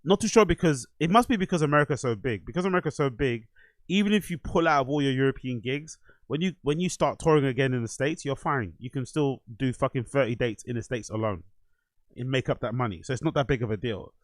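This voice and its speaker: Male host, blunt and mocking, mid-pitched, dead-dry sound. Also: fast talker, dry recording. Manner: blunt, mocking, swears freely. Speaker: host reacting to clips. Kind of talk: casual commentary.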